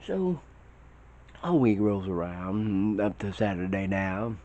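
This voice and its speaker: A man telling a rambling, profane tall tale in a casual way, his voice shooting up high when the story gets excited. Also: slow. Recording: dull lo-fi recording.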